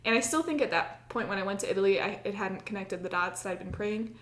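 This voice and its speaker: She talks fast, her mid-range voice fairly bright, and the sound is roomy. An American podcast co-host, she tells a personal story in casual chat, full of "like" and reenacting her own past words.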